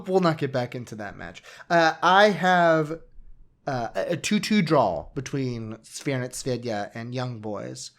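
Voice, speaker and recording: A man co-hosting a casual sports podcast, chatty and self-mocking, often trailing off mid-thought. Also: a little high. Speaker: podcast co-host.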